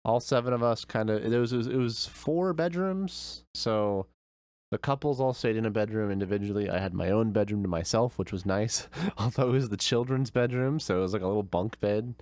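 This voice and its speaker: A man's voice: lowish voice, brisk, darkish tone, no echo. A young man streamer telling a vacation story in casual, rambling chat with many fillers.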